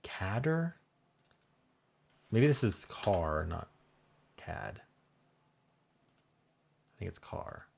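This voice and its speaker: A man thinking aloud as he solves a crossword, muttering in halting self-talk with half-voiced asides. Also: low voice, very animated, gravelly, darkish tone, slight background noise. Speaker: crossword solving channel host. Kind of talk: thinking aloud while solving a puzzle.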